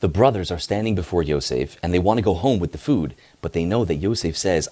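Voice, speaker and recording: A male rabbi teaching a short lesson, retelling a story in a casual, animated way. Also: low-pitched, brisk, hardly any pauses.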